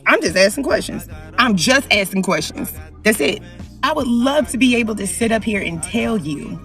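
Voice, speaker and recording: Woman ranting at the camera, punchy and repetitive, sounds a bit far from the mic, faint music underneath. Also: fairly quick. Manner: emphatic, repeats lines for effect, swings between loud and low. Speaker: vlogger. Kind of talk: opinion rant to camera.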